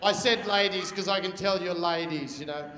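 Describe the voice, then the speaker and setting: A man's voice: high voice, normal speed. A man in his forties with an Australian accent doing a crude stand-up routine, teasing the crowd. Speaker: stand-up comedian. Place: large function hall. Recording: echoey hall, loud crowd.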